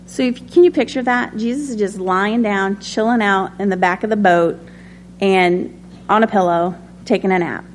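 A woman's voice: medium pitch, normal speed, slight background noise. A woman teaching a conversational sermon. She speaks in a personal tone, with many ums and light laughs. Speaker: Bible study teacher.

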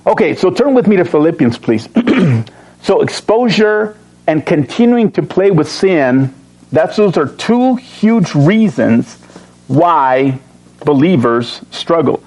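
A man teaching a Bible study, reading verses slowly and stressing key words, with joking asides to his class. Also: fairly high pitch, sing-song, a little mellow, low-quality recording. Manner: emphatic, slows to read verses, joking asides.

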